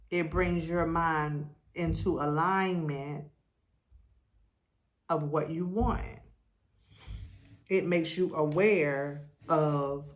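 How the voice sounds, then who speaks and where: A woman giving a spiritual tarot reading, talking in a slow, repetitive way and leading the listener through affirmations. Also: low voice. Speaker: tarot reader.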